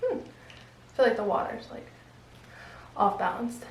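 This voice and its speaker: Woman, fitness vlogger, chatty while exercising, highish voice, echoey room, music behind. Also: sing-song, a little slow. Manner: chatty, talks while straining through an exercise. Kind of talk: casual exercise demonstration.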